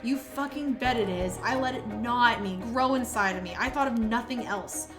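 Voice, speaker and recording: A woman's voice: fairly high pitch, normal speed, over music, natural voice. A woman voicing a vicious, vengeful male killer who taunts his victim with cruel, profane sneers while reading a game's lines aloud. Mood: menacing.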